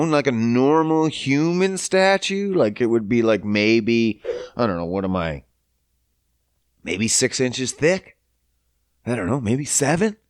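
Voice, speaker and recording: A Canadian man hosts a podcast, ranting casually with plenty of profanity in an incredulous, sarcastic way. His voice sits fairly high and sounds a bit bright. It's studio-quality audio from a podcast mic with no room sound.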